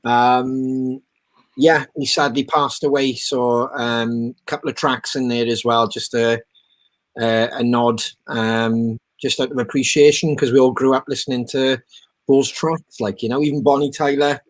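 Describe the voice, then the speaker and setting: A man's voice: medium pitch, little pitch movement, unhurried. Man hosting, rambling with lots of ums. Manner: rambling, swears freely, many ums. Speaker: podcast host. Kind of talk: casual chat.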